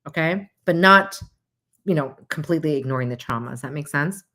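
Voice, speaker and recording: A woman hosting a casual livestream talk and chatting to her audience, animated, with frequent laughs and asides. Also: a little fast. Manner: animated, acts out quoted voices with big pitch jumps. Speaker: host.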